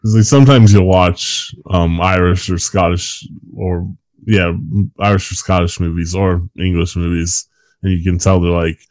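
A man's voice: deep voice, steady tone, moderate pace, a little mellow, no room sound. A man co-hosting a podcast who chats casually and rambles, swearing often and laughing at his own points. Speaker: podcast co-host. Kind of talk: casual chat about a film.

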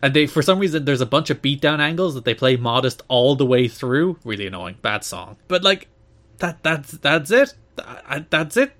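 A man co-hosting a casual podcast, talking quickly and wryly, often laughing. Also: a little high, lively intonation, a bit bright. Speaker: podcast co-host. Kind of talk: casual chat.

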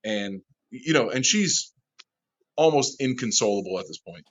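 Man guest, bar manager, animated storyteller, laughs and swears, muffled lo-fi sound. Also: mid-range voice, moderate pace. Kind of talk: casual storytelling.

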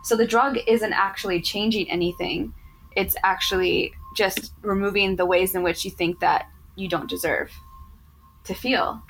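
A woman's voice: medium pitch, steady tone, moderate pace, a bit bright, a little hiss or hum, rough recording. A woman in her thirties, a yoga teacher, earnestly telling stories from her work as an interview guest, with lots of "like" fillers. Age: 30s. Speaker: yoga teacher in addiction recovery. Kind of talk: personal storytelling in conversation.

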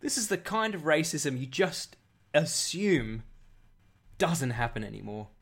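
A man's voice: fairly high pitch, very animated, measured pace, fairly bright tone. A man co-hosting a comedy podcast, telling a long anecdote. His talk is loose and chatty, with many false starts and repeated words. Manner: rambling storyteller with many restarts. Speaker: podcast co-host. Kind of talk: casual comedic chat. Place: abroad, living in Asia.

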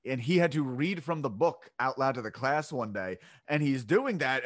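A man's voice: mid-range voice, animated, moderate pace, few pauses. A man from South Jersey, a comedian guest on a podcast, trading wry jokes and swearing in casual chat.

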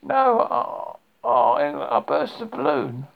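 A man's voice: a little high, very animated, slow, vocal fry, heavily acted. A man doing a timid stammering little piglet. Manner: nervous, stammering. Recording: dull lo-fi home recording.

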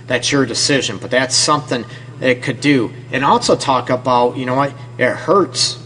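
A man's voice: medium pitch, a bit bright, a little hiss or hum, low-quality recording. A man with a Detroit accent hosts a relationship advice radio show, talking casually and straight to the listener, often tagging his points with "okay?". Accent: Detroit, American. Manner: casual, repeats "okay?" as a tag; talks directly to the listener. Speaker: radio show host and counselor.

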